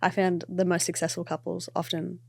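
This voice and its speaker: Quick-talking woman podcast host. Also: on the low side, monotone, gravelly, a little mellow, no echo. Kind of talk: casual chat.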